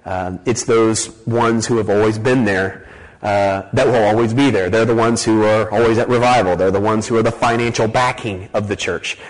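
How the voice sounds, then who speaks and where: A man preaching a sermon, teaching through a chapter with lively emphasis, rhetorical questions and light joking asides. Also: lowish voice, moderate pace, poor audio. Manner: animated, rising emphasis with frequent rhetorical okays and light joking. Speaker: pastor.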